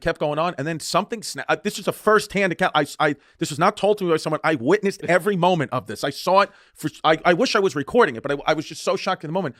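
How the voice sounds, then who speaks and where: A man's voice: a little high, fast, a bit bright, no room sound, clean studio sound. A man co-hosting a podcast, telling a story casually with many restarts and bursts of laughter. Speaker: podcast co-host.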